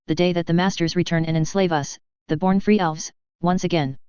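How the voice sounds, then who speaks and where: An excitable young female house elf, shrill and dramatic, as a woman reading a story puts her on. The voice stays very smooth and clean, but the recording is dull and lo-fi. It sits in a dry room with no echo. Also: brisk, close to an everyday voice. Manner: dramatic, wailing and fretful.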